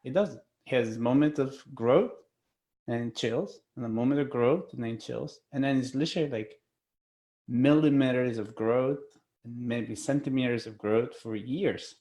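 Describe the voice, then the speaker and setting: A man in a group discussion, telling a story in a lively way and swearing casually. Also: mid-range voice, normal speed, roomy sound. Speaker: participant.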